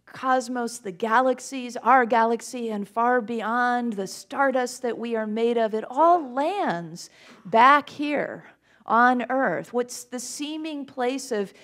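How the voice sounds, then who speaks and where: Woman, minister, conversational sermon, slightly high voice, laughs often. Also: slow, a bit bright. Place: church sanctuary with congregation.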